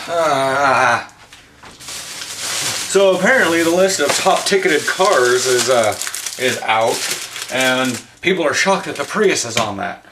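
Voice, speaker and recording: Chatty man, casual handheld vlog, wanders between topics, mid-pitched, noisy camera audio. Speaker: vlogger. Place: shops, butcher and car, in and out.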